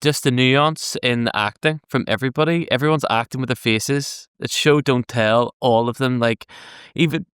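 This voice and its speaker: A man's voice: medium pitch, moderate pace, fairly bright tone, clear, resonant tone, dry recording, clean studio sound. A man co-hosting a casual reaction podcast, talking conversationally with casual swearing. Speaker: podcast co-host.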